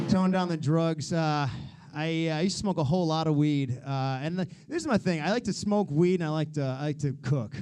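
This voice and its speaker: A man's voice: a little high, a little mellow, a little hiss or hum. A young American man performing a stand-up comedy set, self-deprecating and wry, swearing freely. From United States. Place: live comedy stage.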